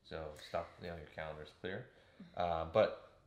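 A man's voice: deep voice, unhurried, echoey room, lo-fi sound. A man co-hosting a podcast, chatting loosely about coaching with lots of fillers. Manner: loose and rambling, with frequent fillers. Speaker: podcast co-host. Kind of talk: casual chat.

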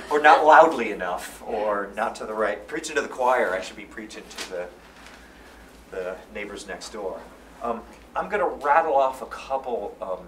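A man gives a conference lecture, energetic and fond of repeating his key phrases. He sounds distant from the mic in a roomy space. A faint room hum sits under his voice. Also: medium pitch. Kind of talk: live lecture. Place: conference hall.

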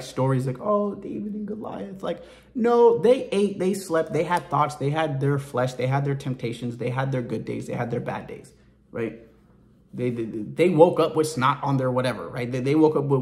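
A man's voice: on the high side, a little mellow. A man giving an informal, emphatic preaching talk about faith in colloquial language. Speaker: ministry speaker.

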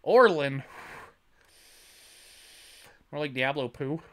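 Tired guy streaming a game from home, swears a ton, jokes around, reads chat out loud, normal pitch. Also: animated, a little fast. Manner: profane, joking, reads chat aloud. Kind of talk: casual let's-play chat.

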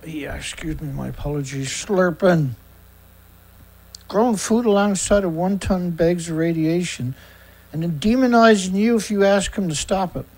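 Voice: mid-range voice, moderate pace, darkish tone, poor audio. A host of a daily news show reads news excerpts aloud and comments on them in a sarcastic, indignant way, often stumbling and repeating words.

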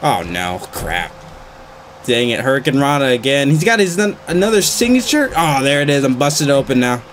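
Frantic male gamer with lively pitch. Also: moderate pace, slight background noise. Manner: frantic, swings between groans and yelps. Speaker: gaming channel host. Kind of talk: excited gameplay commentary.

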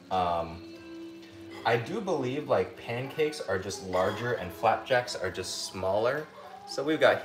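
Man, low voice, relaxed chatty cooking vlog, echoey kitchen, noisy background with clicks. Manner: relaxed and chatty, asides to his dog. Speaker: home cook, former restaurant worker. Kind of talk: casual cook-with-me chat.

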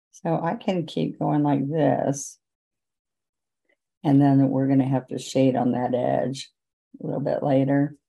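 A woman teaching a painting lesson, giving gentle, chatty step-by-step guidance as she works. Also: extremely low pitch, vocal fry, husky, poor audio. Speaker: painting instructor. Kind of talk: relaxed painting demonstration.

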